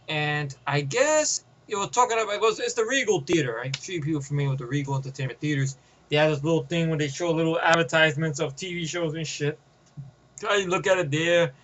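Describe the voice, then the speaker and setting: A man's voice: on the high side, sharp tone, a little hiss or hum, poor audio. A man telling a long, rambling, profane story about a movie trip, acting out the voices, recorded on a camera mic. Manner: profane, loose, acts out every voice. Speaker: movie reviewer. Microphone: camera microphone.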